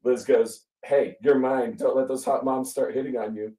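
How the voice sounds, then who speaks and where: A man's voice: mid-range voice, moderate pace, distant mic. Wry man telling stories in an echoey room. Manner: wry, deadpan storytelling with frequent laughs. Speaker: podcast co-host. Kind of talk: casual storytelling chat.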